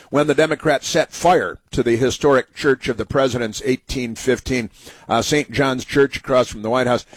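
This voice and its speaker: A man's voice: mid-range voice, no echo. A man hosting a political talk radio show, rambling and emphatic, full of fillers and restarts. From United States. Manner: emphatic, opinionated. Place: radio studio.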